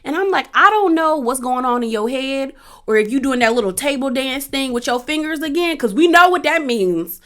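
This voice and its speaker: Casting: woman, slightly high voice, sassy and animated, casual recap host. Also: moderate pace. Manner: animated, sassy, acts out quotes.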